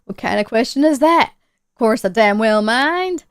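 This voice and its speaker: Woman doing gruff older homeowner, folksy drawl, cussing, smooth clear tone. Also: a little high, lively intonation, moderate pace, dry recording. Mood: angry. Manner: blustering folksy drawl, swears a lot. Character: gruff older male homeowner, secretive and hostile.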